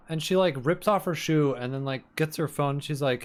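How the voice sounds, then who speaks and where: A man co-hosting a casual book club podcast, deadpan and profane as he acts out characters' lines. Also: fairly high pitch, normal speed. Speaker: podcast co-host.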